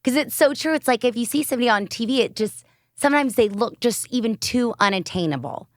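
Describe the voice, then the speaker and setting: Bright-voiced woman host, dry sound. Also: a little high, animated, fast, no room sound. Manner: gushing, encouraging. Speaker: podcast host. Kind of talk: casual chat.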